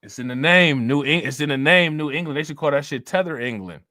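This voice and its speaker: A man's voice: a little high, expressive, fast, bright, forceful tone, no echo, studio quality. A man hosting a live stream, talking loosely and profanely, laughing often and repeating himself. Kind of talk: casual live-stream commentary.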